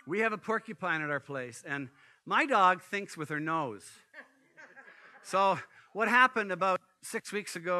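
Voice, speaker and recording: A man preaching a sermon, telling stories in an animated way, full of asides to the congregation. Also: sits high. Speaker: pastor.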